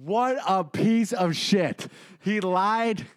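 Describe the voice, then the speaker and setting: A man's voice: high voice, very slow, smooth. Ranting profane man. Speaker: podcast co-host. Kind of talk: casual podcast chat. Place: home podcast studio.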